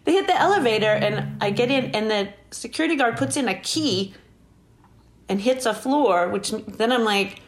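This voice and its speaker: A woman's voice: fairly high pitch, moderate pace. A woman guest telling a story in a casual interview, laughing often and acting out what people said. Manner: animated, laughing often, acts out quoted lines.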